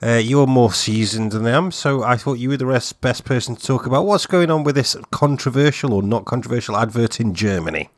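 A man's voice: medium pitch, expressive, brisk, hardly any pauses. A man hosting a casual podcast, friendly and rambling as he runs the segments. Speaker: podcast host.

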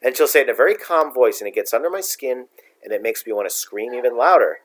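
A man's voice: mid-range voice, animated, fast. Blunt, ranting middle-aged man. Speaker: podcast co-host. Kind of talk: casual political chat.

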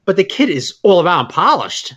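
A man co-hosting a podcast in casual sports chat, emphatic and animated, often checking that his point lands. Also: high voice, moderate pace, breathy edge. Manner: emphatic, animated, keeps asking "you know what I mean". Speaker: podcast co-host.

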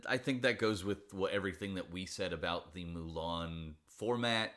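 A man's voice: low voice, normal speed, fairly bright tone. A man co-hosting a casual movie podcast, playful and jokey. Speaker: podcast co-host.

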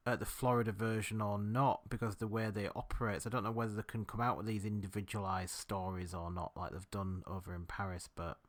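A man's voice: fairly low pitch, little pitch movement, a little fast, hardly any pauses. A man with a Yorkshire accent hosting a casual podcast chat, rambling through stories and laughing easily. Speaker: podcast host.

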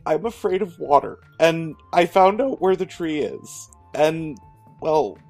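A man's voice: fairly high pitch, lively intonation, measured pace, gravelly, darkish tone, soft background music. A man voicing a young boy giant who is afraid of water, rambling sheepishly with restarts.

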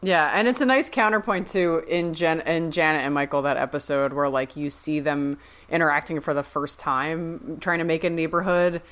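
A woman's voice: deep voice, fairly even intonation, normal speed, few pauses, a bit bright. A woman co-hosting a podcast, chatting casually about an episode and adding details to her partner's recap. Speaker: podcast co-host.

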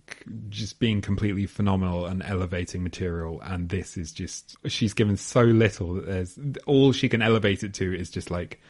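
A man co-hosting a film review podcast, chatting casually in an animated, loose and sweary way and laughing often. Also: sits low. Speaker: podcast co-host.

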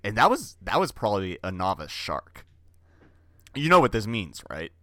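Comedy co-host, male, low and animated, mock-solemn doomsayer, dry recording. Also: moderate pace, dry recording. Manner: grandly doom-laden, mock-serious pronouncements. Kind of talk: deadpan comedy banter.

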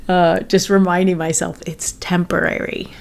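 A woman's voice: on the low side, gravelly. A woman co-hosting a podcast, talking things through thoughtfully with hesitant fillers and light laughs. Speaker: podcast co-host. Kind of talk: casual chat.

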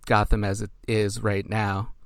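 A man's voice: lowish voice, measured pace, no room sound. A man co-hosting a podcast, recapping a cartoon episode in casual chat and acting out characters' lines. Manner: animated storyteller, acts out characters' lines. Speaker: podcast co-host.

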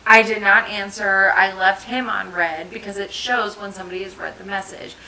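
Jersey woman in her 30s telling a dating story on a podcast, bright tense voice, a faint hiss underneath. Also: mid-range voice, steady tone, normal speed, creaky, poor audio. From New Jersey. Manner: chatty storytelling, laughs often. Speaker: podcast co-host. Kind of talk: casual chat.

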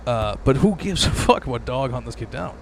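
A man's voice: medium pitch, animated, brisk, creaky, slight background noise. Rambling, laughing young male co-host. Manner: rambling storyteller, laughing, profane. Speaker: podcast co-host. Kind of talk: crude comedic banter.

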